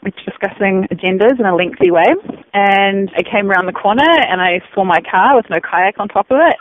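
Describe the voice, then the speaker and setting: An Australian woman, a podcast guest, telling a story in a lively, chatty way. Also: medium pitch, a little fast, slight background noise. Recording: dull lo-fi sound.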